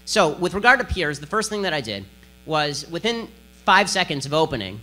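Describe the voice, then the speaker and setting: A man giving a combative, sarcastic political speech to an audience, talking in a rapid-fire way. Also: on the high side, sing-song, pushed and bright. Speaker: political speaker giving a lecture.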